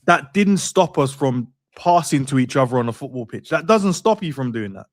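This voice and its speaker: A man's voice: mid-range voice, lively intonation, moderate pace, dry recording, studio quality. A man co-hosting a football chat, arguing his point emphatically and repeating phrases for effect. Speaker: podcast co-host. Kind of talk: casual football discussion.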